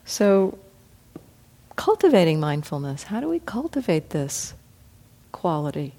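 Low-voiced woman giving a gentle dharma talk. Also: sing-song, measured pace. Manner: reflective, gentle, acts out her own inner thoughts. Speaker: meditation teacher.

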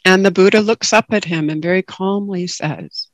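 A woman giving a calm, reflective dharma talk as a guest meditation teacher over a video call. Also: mid-range voice, moderate pace, no echo.

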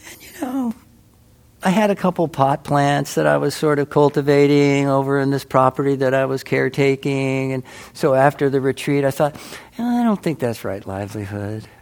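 A man's voice: medium pitch, fairly even intonation, moderate pace, vocal fry, darkish tone, smooth. A middle-aged man giving a casual, rambling personal talk at a meditation center, full of restarts and "you know.".

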